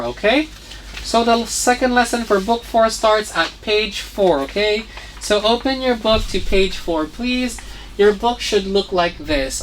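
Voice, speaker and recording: During a children's vocabulary lesson, a woman English teacher spells every word letter by letter, pausing to ask "okay?" and "right?" Her voice is medium-pitched and fairly bright, with a little hiss or hum on the recording.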